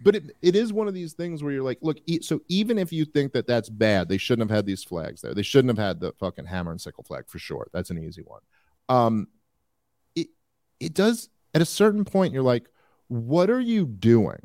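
A man's voice: mid-range voice, a little fast, no room sound. A man hosting a podcast, talking in loose, rambling bursts, full of fillers and restarts. His voice sits in a middle register, and the sound is dry and close to the mic. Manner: rambling, animated, frequent fillers. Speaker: podcast host. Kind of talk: casual political commentary.

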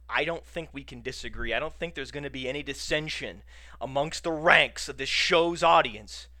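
A man's voice: medium pitch, pushed and bright, dry recording. A man hosting a podcast on his own, talking casually and playfully indignant. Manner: playfully indignant, mock-outraged. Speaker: podcast host. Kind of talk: casual solo podcast talk.

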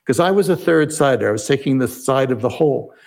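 A man telling a story as an interview guest, explaining in a measured way and voicing his own inner questions aloud. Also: mid-range voice, lively intonation, gravelly, a little mellow. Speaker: podcast guest, negotiation expert.

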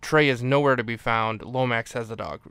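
A man's voice: medium pitch, normal speed, fairly bright tone, clean tone, dry recording. A man hosting a podcast, recapping a movie in a casual, rambling way, often correcting himself. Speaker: podcast host.

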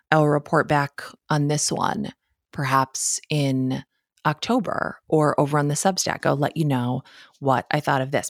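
A woman's voice: sits low, no room sound, clean studio sound. A woman with a Midwestern American accent hosting a solo podcast from her home office, chatting in a casual, self-deprecating way and laughing often. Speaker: podcast host.

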